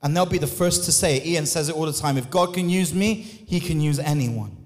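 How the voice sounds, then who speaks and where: A man preaching a sermon as lead pastor, impassioned, his voice surging up and dropping into quick asides. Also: a little high. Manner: impassioned, swings between loud rises and quick quiet asides. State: out of breath. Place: church hall. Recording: long hall reverb.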